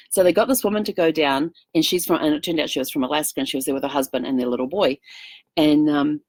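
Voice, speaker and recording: A woman's voice: deep voice, dry recording. A middle-aged woman vlogging in casual chat, telling a rambling story full of fillers. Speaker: travel vlogger.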